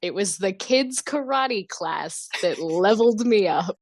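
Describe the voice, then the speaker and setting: A woman player chats through her turn in a tabletop game, easygoing and self-mocking. Her pitch sits in the middle. The recording is dry and close. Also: animated, measured pace, darkish tone, dry recording. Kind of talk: casual tabletop game play.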